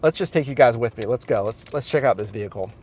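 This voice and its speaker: A man's voice: mid-range voice, fast talker, a little mellow. A man streaming live from his car, enthusiastically showing viewers around the vehicle and chatting with them as he films on a handheld phone. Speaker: rideshare driver and streamer. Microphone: handheld phone camera.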